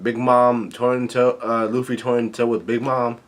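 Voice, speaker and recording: A man with a level, mid-range voice, speaking a bit slowly, rambles through a manga chapter recap. He reads lines out loud, often filling and restarting.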